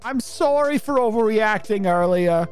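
A man voicing a gentle, doting middle-aged mother in a vague made-up accent. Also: high-pitched, animated, a little slow, faint music behind.

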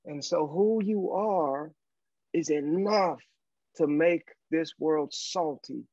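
A man telling a story as a podcast guest, animated, with a preacher's cadence. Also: fairly high pitch, slow, dry recording, highs cut off. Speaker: guest speaker. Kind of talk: storytelling interview chat.

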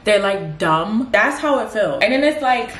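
A woman in her twenties chatting casually in a vlog while she gets ready at home, with animated, slangy, dramatic storytelling. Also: mid-range voice, normal speed. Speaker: vlogger. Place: at home doing makeup. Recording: roomy echo.

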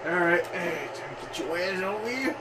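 A young man with a high voice chats over a multiplayer wrestling game, laughing often and teasing his friends with plenty of swearing. He sits a little away from the microphone, so his voice sounds distant. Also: animated, normal speed, a crowd in the background. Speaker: let's play gamer. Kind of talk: casual multiplayer gaming chat.

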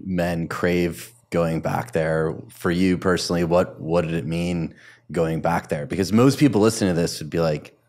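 A man's voice: deep voice, fairly even intonation, normal speed, darkish tone. A man hosting a podcast, asking probing questions in a conversational way. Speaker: podcast host. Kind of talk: interview questions.

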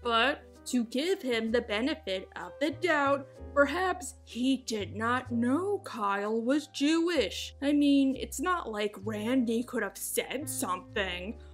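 Wry high-voiced woman narrating a video essay. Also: lively intonation, slow, hardly any pauses, faint music behind. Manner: wry, sarcastic asides.

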